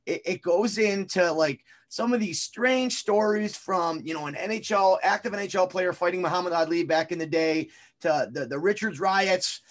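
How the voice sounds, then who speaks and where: A man's voice: sits high, moderate pace. A man co-hosting a sports podcast, talking in a rambling, hesitant way with many fillers and restarts. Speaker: podcast co-host. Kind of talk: casual chat.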